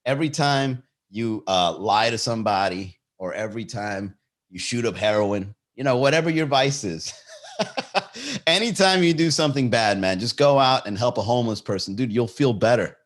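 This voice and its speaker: A man hosting a comedy podcast, telling a story in a loose monologue and jumping into high voices for the people in it. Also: normal speed. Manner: animated, jumps into high-pitched impressions of people in his stories.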